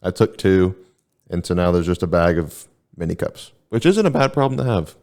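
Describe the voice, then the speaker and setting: Young man, very low voice, laid-back deadpan podcast co-host. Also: moderate pace. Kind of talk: casual chat.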